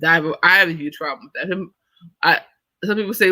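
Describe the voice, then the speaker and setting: A woman hosting a livestream, ranting in an irritated, profane, confrontational way at a fast and emphatic pace. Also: fairly low pitch, bright, forceful tone, no echo, low-quality recording. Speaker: livestream host. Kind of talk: livestream commentary rant.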